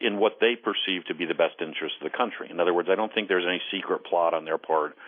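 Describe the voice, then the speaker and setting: A low-pitched man, formerly an intelligence case officer, is a guest on a call-in radio show, his voice carried by telephone over a phone line. Earnest and deliberate, he tends to repeat words as he opens each thought.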